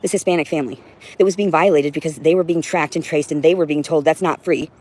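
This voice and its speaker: A woman's voice: deep voice, steady tone, fast talker, warm tone. A woman hosting a livestream, talking to her audience in a rambling, intense and profane monologue at home. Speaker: livestream host. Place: indoors at home with a cat.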